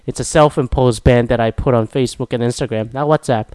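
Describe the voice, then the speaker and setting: A man's voice: medium pitch, steady tone, quick pace, a little mellow, clear, resonant tone, no echo. A young man from Korea, hosting a casual solo talk and ranting profanely with self-mocking asides. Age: young adult.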